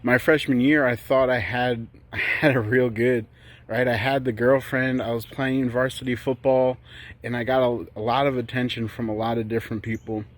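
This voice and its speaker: A man who is a pastor giving a personal testimony in a steady, reflective way. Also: medium pitch, moderate pace.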